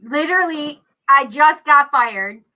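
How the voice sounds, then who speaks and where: A woman co-hosting a radio talk show, telling a story in an animated, chatty way. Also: sits high, measured pace, muffled recording. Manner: animated, chatty, says "literally" and "I'm like". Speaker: radio co-host. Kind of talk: casual chat, storytelling.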